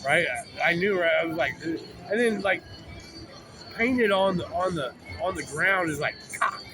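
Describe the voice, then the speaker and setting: A man's voice: high voice, normal speed. A man telling a long, rambling story outdoors by a road, profane and full of "like" and restarts. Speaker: vlogger. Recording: clear music behind the voice.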